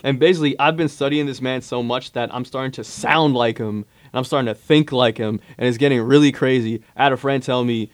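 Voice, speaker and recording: A young man chatting casually as a student podcast co-host, animated and quick to slip into playful impressions. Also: medium pitch, dry recording, studio quality. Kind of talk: casual chat.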